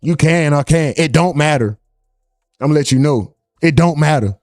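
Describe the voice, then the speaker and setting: Male streamer, high voice, dry close sound, loose and profane, casual live chat. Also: normal speed, darkish tone, no room sound, soft background music. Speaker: livestream host.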